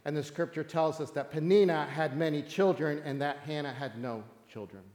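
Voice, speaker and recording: A man preaching a sermon as pastor, reading scripture and talking casually with frequent "okay?" check-ins. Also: a little high. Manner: casual, joking asides with many okays. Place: church sanctuary. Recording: echoey hall.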